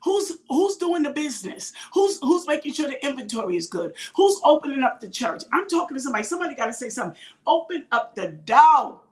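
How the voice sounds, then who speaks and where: High pitched woman preacher, lots of questions, shouts out loud now and then. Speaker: minister and show host. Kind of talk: preaching talk show.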